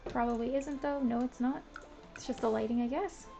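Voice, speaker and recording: A woman's voice: high voice, steady tone, fairly quick, creaky, mellow, faint music behind, rough recording. A woman streaming a building game, chatting casually to herself with lots of "like" and a self-described Valley Girl way of talking. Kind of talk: casual gameplay commentary.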